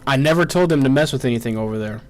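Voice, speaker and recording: Over soft background music, a man with a mid-range voice provides live gameplay commentary. He's frustrated and swearing, blurting rapid runs of "no" when the game turns against him.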